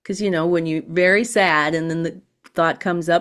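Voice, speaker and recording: A woman guest on a podcast, explaining in a measured, teacherly way and acting out quoted thoughts. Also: lowish voice, fairly even intonation, a bit bright. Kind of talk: calm explanatory conversation.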